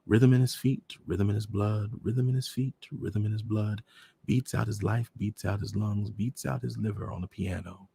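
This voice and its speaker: A man's voice: medium pitch, expressive, moderate pace, slight background noise, pitched above the performer's own voice, natural voice. A man voicing a furious middle-aged druggist father who roars and chants rhythmically. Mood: mocking chant.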